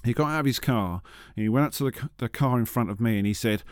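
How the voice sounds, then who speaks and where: A man's voice: medium pitch, quick pace, clear, resonant tone, no echo. A man co-hosting a casual podcast, teasing his co-host and telling stories with dry banter. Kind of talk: casual chat.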